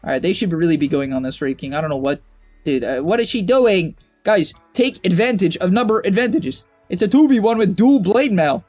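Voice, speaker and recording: Animated high-voiced male game coach. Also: fairly quick, no echo, soft background music. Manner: chatty, animated, bursts into exasperated shouts and laughs. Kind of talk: casual replay commentary.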